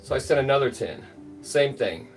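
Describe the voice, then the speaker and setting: A man's voice: mid-range voice, lively intonation, moderate pace, distant mic, soft background music. A middle-aged man hosting a livestream, telling a rambling, filler-heavy story and greeting chat viewers by name. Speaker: livestream host.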